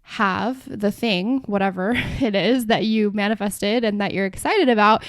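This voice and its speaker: A woman's voice: medium pitch, dry recording. Chatty young woman, dry close sound. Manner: chatty, heavy use of "like" and restarts. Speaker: podcast host. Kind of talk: casual solo podcast talk.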